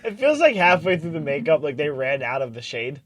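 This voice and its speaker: A young man co-hosting a podcast, joking and firing off quick comebacks with a lot of laughter. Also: fairly high pitch, sing-song, a bit bright. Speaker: podcast co-host. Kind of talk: casual banter.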